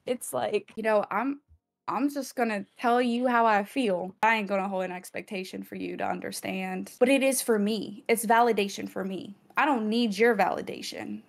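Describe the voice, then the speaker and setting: A woman's voice: mid-range voice, normal speed, vocal fry. A woman hosting a casual spiritual chat, reading viewer comments, chatty and encouraging, with plenty of fillers. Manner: chatty, filler-heavy, acts out little quoted exchanges; encouraging, affirming. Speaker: host of a spiritual channel.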